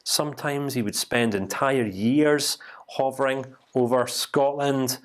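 Conversational man telling a teaching story. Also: mid-range voice. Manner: relaxed, conversational, checks in with listeners. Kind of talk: storytelling lesson.

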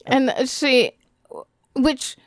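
A woman's voice: high voice, extremely slow, dry recording, studio quality. A woman co-hosting a casual podcast chat about a TV episode, enthusiastic and full of fillers. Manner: chatty, enthusiastic, many "like" fillers. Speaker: podcast co-host.

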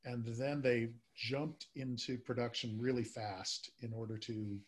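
A man hosting a podcast in a casual chat, speaking haltingly with many filler words. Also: medium pitch, level tone, slightly rough. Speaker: podcast host. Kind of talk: casual chat about old-time radio.

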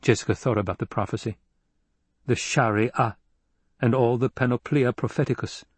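Brief: male narrator, mid pitch, husky, measured storytelling, dry close sound. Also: steady tone, no echo. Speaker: audiobook narrator. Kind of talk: scripted narration.

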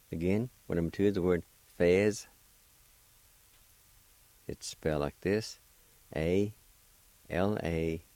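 A man's voice: low-pitched, dark tone, dry recording. A man patiently spelling and pronouncing words letter by letter in a radio language lesson. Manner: slow, patient, encouraging. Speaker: language teacher and radio host.

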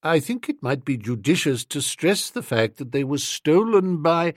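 Jeeves, a man doing a quiet formal valet. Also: a little high, sing-song, no echo, studio quality. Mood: composed. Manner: quiet, measured, slow and formal. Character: calm, deferential male valet, unflappable.

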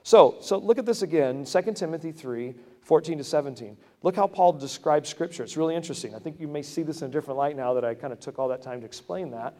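A man preaching a sermon in a conversational way, breaking into loud emphatic bursts. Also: a little high, expressive, quick pace, few pauses. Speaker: pastor. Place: church sanctuary. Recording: long hall reverb.

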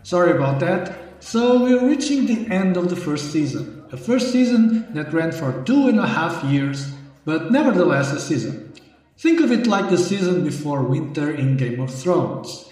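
A man's voice: fairly high pitch, very animated, moderate pace, a little mellow. A man hosting a comedy podcast sketch, delivering his lines in a theatrical, gloating way. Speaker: podcast host. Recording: echoey room, far from the mic, faint music.

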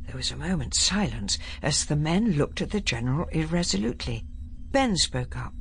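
A woman reads a novel aloud with a lively, expressive delivery in a fairly low voice. A faint hiss of noise sits under the recording. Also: normal speed. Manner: expressive, varied reading. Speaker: narrator. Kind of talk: audiobook narration.

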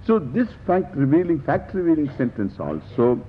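Guy teaching scripture, kinda high voice, repeats his points, muffled lo-fi tape w faint rumble. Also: very animated, normal speed. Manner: explains Sanskrit terms in English, repeats key phrases. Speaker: Vedanta teacher. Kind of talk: scripture lecture. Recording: dull lo-fi lecture recording with faint rumble.

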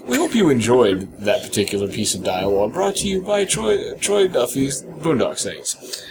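A man's voice: medium pitch, very animated, moderate pace. A man co-hosting a podcast, rambling through a story in casual chat, often laughing and acting out bits. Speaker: podcast co-host. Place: hotel lobby. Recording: noisy lobby ambience.

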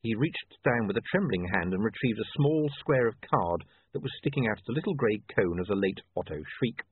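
Male audiobook narrator, lively delivery, slightly husky, lo-fi phone sound. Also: fairly low pitch, fairly quick, dry recording. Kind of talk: scripted narration. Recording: tinny dry phone-like line.

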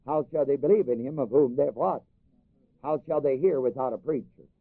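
A man preaches a sermon in a mid-range, fairly quick voice, reading scripture in old King James wording and then explaining it to the congregation. He repeats phrases for emphasis and lets the congregation finish his lines. The recording is dry and phone-like.

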